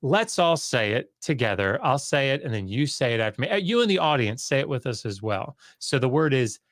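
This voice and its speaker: Guest scholar, male, mid pitch, rambling and playful, dry sound. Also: sing-song, fairly bright tone, dry recording. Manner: jokey, rambling, quick asides and self-corrections. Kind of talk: casual explanatory chat.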